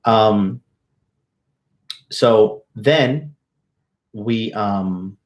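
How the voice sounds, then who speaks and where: A man talks straight to his livestream viewers, telling a story with casual swagger. His voice sits on the low side, and his talk is loaded with profanity and brash slang. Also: extremely slow. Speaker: dating coach hosting a livestream.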